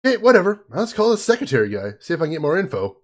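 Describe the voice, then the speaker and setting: A man's voice: on the high side, racing. A man reading an eager young woman assistant. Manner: excited, chatty.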